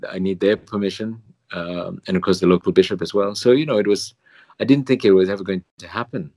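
A deep, darkish male voice with no room sound belongs to a Singaporean priest and pilgrimage chaplain with a somewhat posh British accent. In an interview he tells his story, chuckling at himself along the way.

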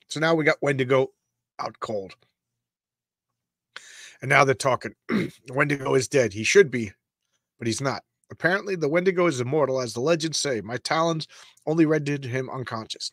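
A middle-aged man hosting a casual comics read-through, excitable and rambling with stammered repeats. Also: mid-range voice, dry recording, clean studio sound. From Long Island, New York. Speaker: comics show host.

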